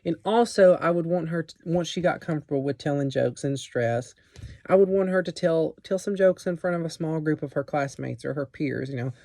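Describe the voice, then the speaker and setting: A man's voice: a little high, fairly quick, creaky, dark tone, no echo, clean studio sound. A young man presenting a teaching plan for a class in a casual, explanatory way, with many fillers and restarts.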